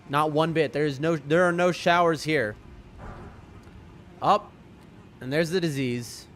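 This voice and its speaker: A young man streams a video game, joking casually and chatting with his viewers in a voice that's a little high and a bit bright. It's relaxed live-stream commentary, with a little hiss or hum in the background.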